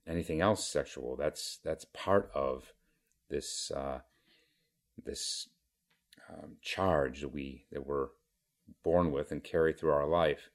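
A man giving a Zen dharma talk as teacher, in a measured, halting way with many pauses and fillers. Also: extremely low pitch, darkish tone.

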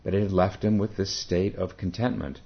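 A man with a very deep voice gives a dharma talk as a Zen teacher, telling a story haltingly with frequent self-corrections. The recording is dull and lo-fi. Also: breathy edge.

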